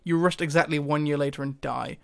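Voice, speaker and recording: A YouTuber gives casual to-camera commentary at a brisk pace, thinking aloud, hesitating often, and breaking into short laughs. His smooth, clear voice sits a little high for a man, with fairly even intonation.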